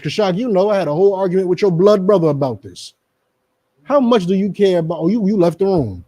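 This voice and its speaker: A man's voice: high voice, animated, fast, dark tone, breathy edge. A middle-aged man giving emphatic, repetitive, lecturing commentary in a preaching style, addressing the people around him by name. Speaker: religious group speaker on a radio show.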